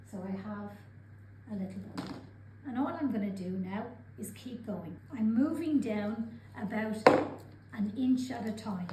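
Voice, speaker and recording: A woman calmly talking through each step of a craft demonstration as she works with her hands. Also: mid-range voice, very noisy. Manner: calm, methodical, narrating her own actions. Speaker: craft instructor. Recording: roomy sound with clear background ambience.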